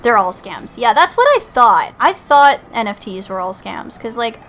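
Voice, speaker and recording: A woman's voice: on the high side, very animated, moderate pace, fairly bright tone, faint music behind, rough recording. Casual swearing young woman streamer. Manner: casual, swears freely, says "like" a lot. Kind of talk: casual chat while playing a game.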